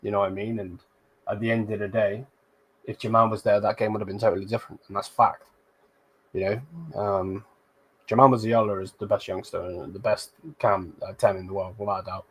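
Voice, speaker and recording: A man's voice: lowish voice, level tone, brisk, slightly rough. A young man hosting a football channel, chatting casually with viewers and reading their comments, blunt and slangy with some swearing.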